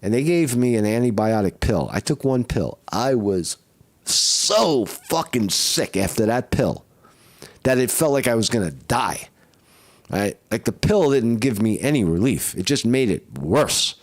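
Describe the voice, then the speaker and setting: A man who is sick with the flu, with a rough throat, rambling and swearing in a casual live-stream monologue and often asking "right?". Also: medium pitch, big pitch swings, a little slow. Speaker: vlogger.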